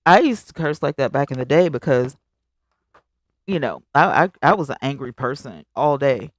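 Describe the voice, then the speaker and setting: A woman hosts a live stream at normal speed, chatting casually with viewers and reading their comments aloud. She's animated and emphatic, swinging high on exclamations and talking straight to her audience. The recording is dry, with clean studio sound.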